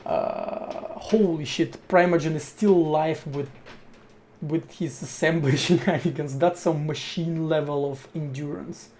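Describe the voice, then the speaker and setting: A man's voice: fairly high pitch, steady tone, measured pace, darkish tone, a little hiss or hum. A man streaming as he programs, chatting casually to his viewers, thinking aloud in short bursts with slang and swearing. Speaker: live-coding streamer. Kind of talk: casual live-stream chat while programming.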